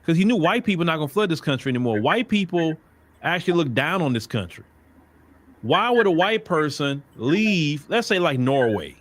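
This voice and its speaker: A man's voice: a little high, sing-song, moderate pace. A man, hosting his own stream. He talks emphatically, fires off rhetorical questions and circles back on his points. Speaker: show host. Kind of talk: livestream commentary.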